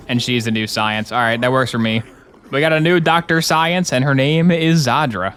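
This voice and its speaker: A man's voice: medium pitch, a bit bright, a little hiss or hum. A man streaming a video game live, joking and complaining sarcastically while he plays and thanks his chat. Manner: sarcastic, grumbling, jokey; talks to chat, thanks subscribers. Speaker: gaming streamer. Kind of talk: live gameplay commentary.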